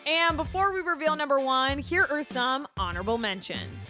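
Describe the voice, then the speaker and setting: A woman's voice: sits high, moderate pace. A woman narrating a movie countdown in an upbeat announcer manner. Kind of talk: scripted narration. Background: music.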